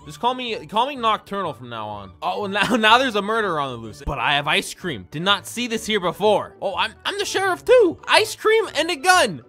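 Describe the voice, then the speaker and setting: Young male gaming creator, bright and animated, excitable, with bursts of yelling. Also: sits high. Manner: excitable and jokey, yelling at other players. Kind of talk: gameplay commentary. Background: game music.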